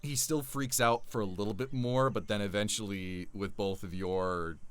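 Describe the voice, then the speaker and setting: A man narrating as game master in a relaxed, rambling way with many fillers. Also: on the low side, moderate pace, clear, resonant tone.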